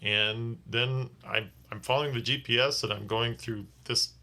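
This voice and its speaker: A man's voice: mid-range voice, fairly even intonation, moderate pace, bright, forceful tone. A tired man telling a casual vlog story as a rideshare driver, rambling and often restarting his sentences. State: tired from little sleep.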